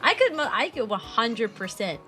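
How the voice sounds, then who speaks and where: A woman's voice: on the high side, sing-song, moderate pace, pushed and bright, faint music behind. A young adult woman streaming as a VTuber, chatting casually with viewers, filling her talk with "like" and laughing often.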